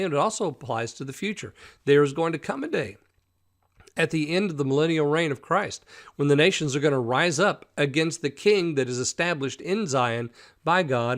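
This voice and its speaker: Man teaching a daily Bible study. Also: on the high side. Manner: animated, explains the text conversationally.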